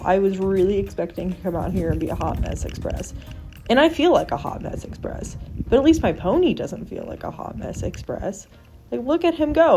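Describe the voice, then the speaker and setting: A woman's voice: medium pitch, animated, fairly quick. A woman narrates a riding vlog in a chatty, self-deprecating way. Her voice sits in a middle register. Background music plays throughout. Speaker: horse vlogger. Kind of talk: casual voice-over narration.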